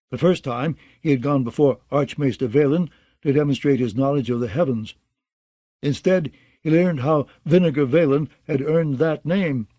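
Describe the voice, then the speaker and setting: A man narrating a fantasy audiobook in a steady, even reading style. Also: medium pitch, no echo.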